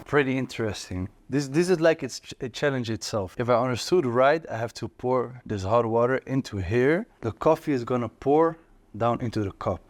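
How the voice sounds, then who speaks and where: A man's voice: medium pitch, moderate pace. A young man and singer chatting playfully while tasting breakfasts, laughing often and joking around. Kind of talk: casual food-tasting chat.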